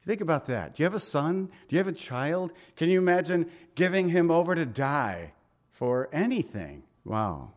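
Middle-aged guy preaching a sermon, kinda high voice, chatty, lots of rhetorical questions. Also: big pitch swings, moderate pace. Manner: conversational preaching, rhetorical questions, dramatic voicing of quotes. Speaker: pastor.

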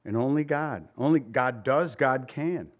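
A man of middling pitch preaching to his congregation. He talks like he is chatting with them, firing off rhetorical questions. Now and then he acts out the voices of the people he quotes. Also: unhurried, dull audio. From Italian family background. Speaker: pastor. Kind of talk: sermon.

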